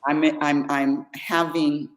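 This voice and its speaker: An older woman telling stories in a casual chat, joking and animated, often repeating her words. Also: deep voice, slow. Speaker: podcast co-host, mother. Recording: echoey room.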